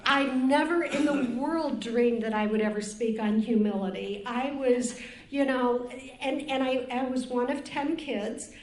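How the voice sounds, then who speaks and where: A woman's voice: fairly high pitch, moderate pace, a little hiss or hum. An older woman from Cleveland, Ohio, giving a candid, rambling personal testimony as a speaker on a recovery panel. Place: conference room at a retreat. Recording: roomy conference room.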